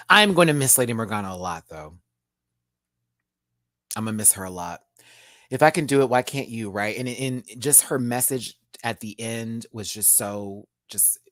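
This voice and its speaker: A campy male show reviewer chatting casually and laughing often. His voice is bright and swings widely in pitch, and the sound is dry and close. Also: dry recording. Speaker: YouTube drag show reviewer. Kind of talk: casual live review chat.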